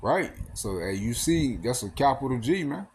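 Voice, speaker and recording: A man's voice: medium pitch, sing-song, moderate pace, a little hiss or hum. A man giving a casual sermon, reading scripture aloud and often adding "man" and "all right". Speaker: preacher. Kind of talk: casual street-style sermon.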